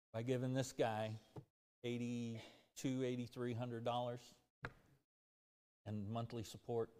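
A man with a middle-pitched voice preaches earnestly. He draws a lesson from the story and puts it to the congregation. His voice trails into a long reverb in the hall. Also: darkish tone. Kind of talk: sermon.

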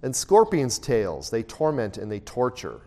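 A man's voice: medium pitch, huge pitch swings, unhurried, mellow. A man leading a Bible study, reading scripture aloud and asking his group questions, then echoing their answers. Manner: reads scripture aloud in a raised voice. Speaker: Bible teacher. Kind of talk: interactive Bible study teaching.

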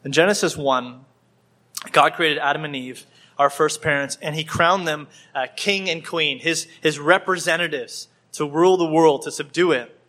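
A man's voice: on the high side, pushed and bright. A man preaching a sermon in church, acting out the scenes with small changes of voice and often repeating words as he goes. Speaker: pastor.

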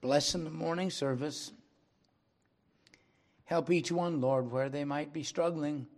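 An older man preaching a sermon, speaking slowly and earnestly, then leading a prayer. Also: a little high, steady tone, gravelly. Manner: slow and earnest, rising to loud dramatic recitation. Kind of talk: sermon closing with a recited poem and prayer.

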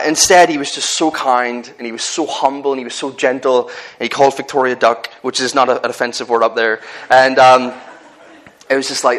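A man's voice: mid-range voice, a bit bright, rough recording. A man with a Northern Irish accent preaching a sermon in an earnest, conversational way, often restarting his phrases and telling personal stories.

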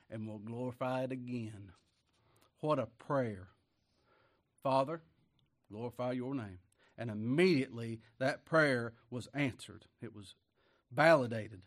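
A man with a medium-pitched voice is preaching a sermon. He reads scripture slowly and weightily, swings from loud emphasis to quiet asides, and often chuckles.

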